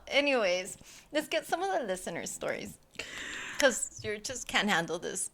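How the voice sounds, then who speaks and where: Chatty young-sounding woman, a little high. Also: animated, moderate pace. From family from Mexico. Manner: chatty, bursts into loud laughter. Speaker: podcast co-host. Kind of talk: casual chat.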